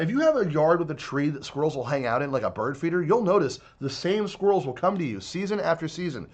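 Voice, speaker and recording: A man's voice: a little high, sing-song, fast, few pauses, slightly rough. A man giving a heated, profane video commentary rant, sounding exasperated. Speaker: online commentator.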